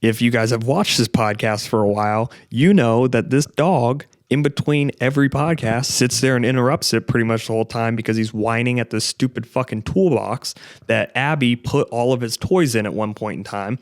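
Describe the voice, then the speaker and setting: A man's voice: mid-range voice, normal speed, dry recording. A young man hosting a podcast from his home garage office, rambling casually and swearing often, tossing in "bro" and "dude". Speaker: podcast host. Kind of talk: casual chat. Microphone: directional podcast mic.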